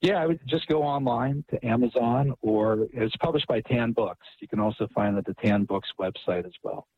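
A man, an author and guest on a radio talk show, telling a story in an animated way and often repeating words. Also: medium pitch, moderate pace, narrow, tinny audio, slight background noise.

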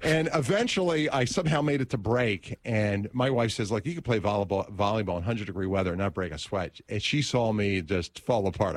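Lively middle-aged man, low and dry. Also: dry recording. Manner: animated storyteller who acts out scenes and often restarts phrases. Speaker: talk radio host. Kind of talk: personal storytelling in an interview.

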